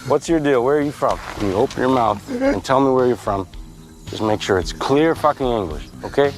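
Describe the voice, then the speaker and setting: An actor playing a menacing armed soldier who interrogates captives in a cold, threatening, mocking way. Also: male voice, medium pitch, big pitch swings, normal speed, faint music behind.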